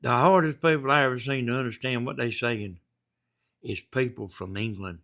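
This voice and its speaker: A man's voice: medium pitch, normal speed, a bit bright. A man from Georgia with a Southern accent, chatting casually on a livestream and reading out viewer comments in a folksy, rambling way. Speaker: livestream host.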